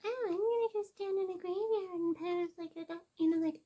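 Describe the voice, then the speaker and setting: A woman's voice: very high-pitched, normal speed, mellow, pitched above the performer's own voice. A woman putting on the voice of a smug, self-important wannabe goth poser, in a mocking sing-song.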